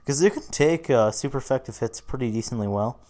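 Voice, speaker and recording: A man's voice: mid-range voice, lively intonation, fairly quick, a little mellow. A tired young man talking casually through his team picks, rambling, swearing often and yawning. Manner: casual and profane, rambling with fillers. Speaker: YouTuber doing a draft analysis. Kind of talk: casual commentary.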